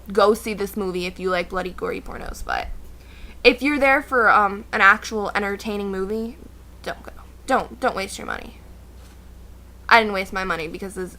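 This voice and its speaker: A woman's voice: medium pitch, bright, forceful tone. A young woman vlogging a casual storytime rant, sarcastic and exasperated as she tells it.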